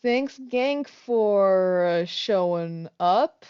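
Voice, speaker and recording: A woman who is not a native English speaker chats through a game stream at an unhurried pace. She rambles, pokes fun at herself and swears offhandedly. The recording is slightly dull and lo-fi. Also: mid-range voice, lively intonation, a little mellow, smooth. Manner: rambling, self-mocking, swears casually. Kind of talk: casual game-stream chat.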